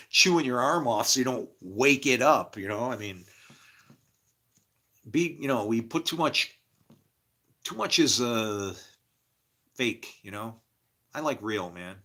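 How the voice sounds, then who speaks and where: A man's voice: fairly low pitch, bright, forceful tone. A middle-aged man talking candidly in a rambling, casual monologue, laughing often. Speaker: podcast host.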